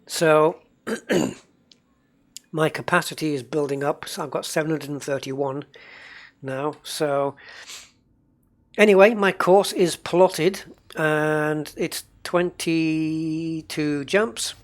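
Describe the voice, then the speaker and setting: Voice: mid-range voice, slow pace, long pauses. A game livestreamer giving casual, rambling commentary while playing and chatting with viewers. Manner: rambling, chatty, reads and answers viewer chat.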